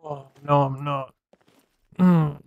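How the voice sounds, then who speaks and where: A man's voice: on the high side, steady tone, slow, gravelly, no echo, phone-quality sound. A man casually joking and bantering while streaming gameplay commentary. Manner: joking, laid-back banter. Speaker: gaming streamer.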